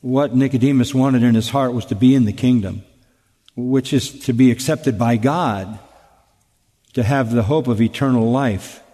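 A man preaching an expository sermon, emphatic and deliberate, asking rhetorical questions and repeating key phrases. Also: medium pitch, warm tone, in a large hall. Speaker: pastor.

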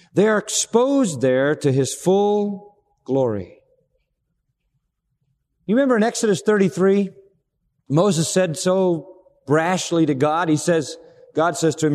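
A man preaching a sermon, swinging dramatically between loud, raised passages and hushed, low ones. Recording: long reverb of a large hall.

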